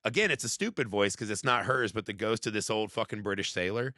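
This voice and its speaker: A young man co-hosts a movie podcast, chatting casually and profanely while animatedly acting out movie quotes. His voice sits fairly low and moves fast, recorded with studio quality and no echo.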